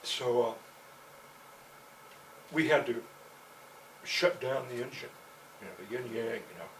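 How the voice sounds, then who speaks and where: A man rambles through a personal story, swearing freely and leaning on "you know" at every turn. His voice sits in an ordinary middle pitch. The mic is set back from him, and a faint hiss of noise runs underneath. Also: expressive, a little slow, fairly bright tone, recorded from a distance, rough recording. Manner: meandering, profane, constant "you know" fillers.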